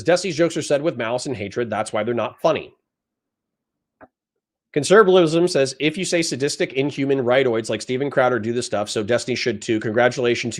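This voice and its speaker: Heated, profane man ranting at chat. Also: mid-range voice. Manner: heated, profane, lectures the audience. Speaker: streamer reacting to chat. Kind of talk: ranting political commentary.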